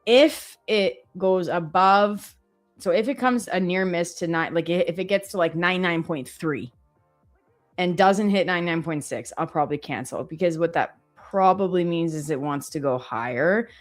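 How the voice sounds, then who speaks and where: A woman's voice: fairly low pitch, normal speed. A woman co-hosting a live stream, chatting casually and self-deprecatingly, often quoting her own thoughts. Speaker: co-host trading live. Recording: faint music behind.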